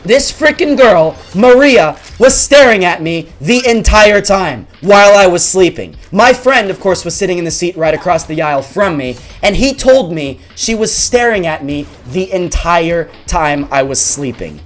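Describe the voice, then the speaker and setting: A young man hosting a gaming video, telling a school story over gameplay in an animated, exaggerated way. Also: high voice, moderate pace, hardly any pauses. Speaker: gaming channel host.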